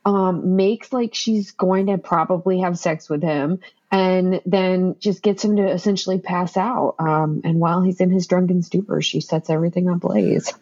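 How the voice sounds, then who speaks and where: A woman casually recapping a movie plot in a relaxed, chatty way. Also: lowish voice, moderate pace, highs cut off. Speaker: podcast co-host.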